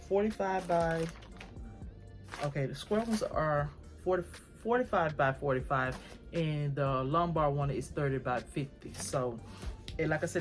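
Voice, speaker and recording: A woman vlogger chatting casually and effusively to her viewers at home while showing off home decor items. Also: deep voice. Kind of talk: casual haul chat to camera.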